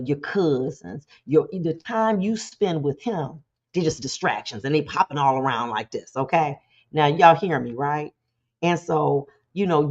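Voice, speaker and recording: A woman hosting a motivational talk show, preaching in an animated, conversational way and slipping into quick voices to act things out. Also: low voice, lo-fi sound.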